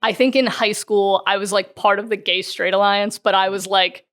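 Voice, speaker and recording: A woman's voice: mid-range voice, fairly even intonation, normal speed, fairly bright tone, smooth. Chatty laughing woman guest. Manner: chatty, laughs often, many fillers and restarts. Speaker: podcast guest. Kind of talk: casual chat.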